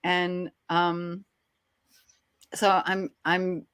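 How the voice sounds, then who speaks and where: A woman who is an actress, telling a story as an interview guest in a lively, chatty way with quick restarts. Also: lowish voice, clear, resonant tone, no room sound, clean studio sound. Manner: animated, chatty, frequent restarts and laughs.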